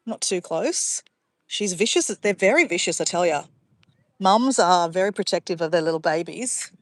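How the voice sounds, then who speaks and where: An Australian livestream vlogger chats casually to viewers beside a pond outdoors, calling them guys and getting sidetracked easily. She speaks at a normal speed with a fairly low pitch and lively intonation, and the recording is dry.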